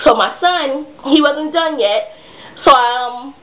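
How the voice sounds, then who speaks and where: Young woman, parent vlogger, rambling casual delivery, slightly high voice. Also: slow pace. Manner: rambling, with many ums and you-knows. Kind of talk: casual talk to camera. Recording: tinny phone-like sound.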